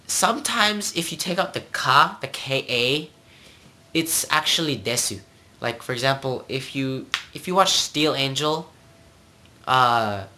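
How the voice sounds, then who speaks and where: Slow, bright-voiced rambling tutor. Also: medium pitch. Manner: rambling, repeats words and keeps checking in with "okay?". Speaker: amateur video tutor. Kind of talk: casual explanatory lesson.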